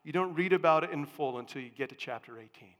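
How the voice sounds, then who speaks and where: A male pastor preaching a sermon, dropping to hushed lines and then rising to booming proclamations. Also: quick pace. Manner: dramatic swings from hushed to booming. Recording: long church reverb.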